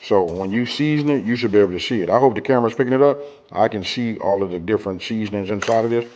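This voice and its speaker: A man's voice: lowish voice, fast talker, a little mellow, highs cut off, a little hiss or hum. A man hosting a casual cooking demonstration, talking straight to viewers in a laid-back, colloquial way and checking in with them often. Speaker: cooking show host.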